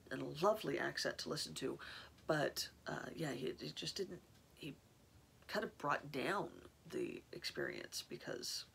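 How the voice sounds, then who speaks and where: A woman's voice: low-pitched, creaky, fairly bright tone, slight background noise. A woman from California hosting a craft podcast in a casual, rambling chat, often restarting her sentences. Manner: rambling, chatty, many restarts. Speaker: podcast host.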